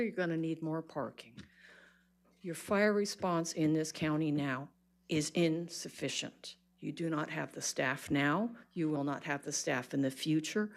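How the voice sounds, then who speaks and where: A woman giving an impassioned, exasperated public comment at a county board meeting, speaking bluntly into a podium microphone. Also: deep voice.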